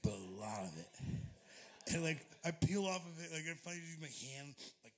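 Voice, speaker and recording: A man's voice: fairly high pitch, sing-song, moderate pace. Profane rambling man on stage. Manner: profane, rambling, laughs often. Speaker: touring musician. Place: music club stage.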